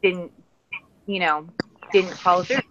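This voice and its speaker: A woman's voice: fairly low pitch, steady tone, a little slow, bright, forceful tone, dry recording. A woman guest author in a casual podcast interview, talking thoughtfully and searching for words with frequent restarts. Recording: dull lo-fi sound.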